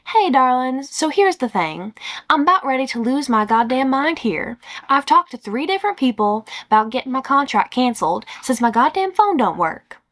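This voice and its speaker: A woman's voice: sits high, sing-song, moderate pace, fairly bright tone, pitched above the performer's own voice. A woman voicing a laid-back Southern man, a fed-up phone customer who talks in a folksy, drawling, weary but polite way.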